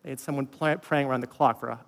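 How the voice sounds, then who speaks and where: A man preaching a sermon, emphatic, swinging from loud declarations to hushed storytelling. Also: medium pitch, fairly even intonation, quick pace, long reverb tail. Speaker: pastor.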